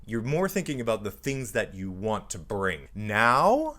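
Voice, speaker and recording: A man in his forties hosting a vlog, joking to camera in a campy, animated way, acting out little scenes. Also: fairly low pitch, unhurried. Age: 40s. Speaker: vlog host. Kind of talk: comedic monologue to camera.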